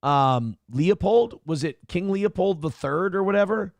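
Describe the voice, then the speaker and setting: A man's voice: high voice, expressive, a little slow, gravelly, no echo. A man hosting a morning show, mocking a clip in a sarcastic, profane rant. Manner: sarcastic, ranting, swears freely. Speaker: show host reacting to clips.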